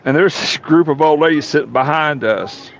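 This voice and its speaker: A man's voice: on the high side, moderate pace, vocal fry. Folksy man telling tall tales. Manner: folksy drawl, colorful profanity. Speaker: storyteller on a talk show. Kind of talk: casual storytelling. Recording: dull lo-fi sound, faint room noise.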